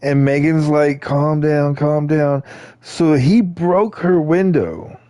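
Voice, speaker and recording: A man in casual podcast chat, telling drunken party stories in a laid-back way and acting out the quotes with sudden jumps in pitch. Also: takes it slowly, dark tone, no echo, studio quality.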